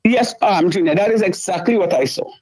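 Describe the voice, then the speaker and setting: A woman's voice: mid-range voice, fairly quick, a little mellow, husky, poor audio. A middle-aged woman, telling a distressing story in a talk show and repeating herself as she goes. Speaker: caller. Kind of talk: emotional storytelling.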